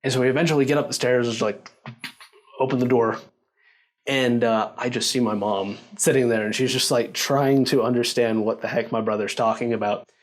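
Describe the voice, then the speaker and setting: Male storyteller, mid-pitched, animated casual delivery, lots of fillers. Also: a little fast. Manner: animated, acts out quoted lines, filler-heavy; laughs while telling.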